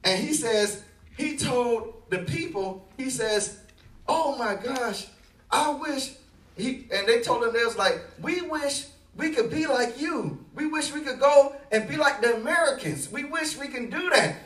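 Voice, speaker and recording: A man preaching a sermon as pastor, telling a story and building to loud, emphatic delivery. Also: extremely high pitch, expressive, measured pace, reverberant, distant mic.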